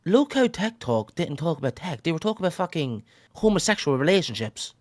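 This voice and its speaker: Fast, animated man calling in. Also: a little high, no room sound, studio quality. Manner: rambling, teasing, swears a lot. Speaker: call-in guest. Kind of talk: casual chat. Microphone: video call.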